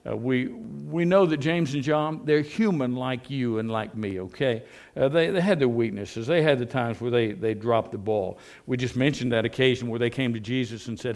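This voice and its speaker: A man delivers a sermon in a warm, conversational preaching manner. He leans on rhetorical tag questions aimed at the congregation and often stumbles and restarts his phrases. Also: medium pitch. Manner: repeats words and restarts often. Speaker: pastor.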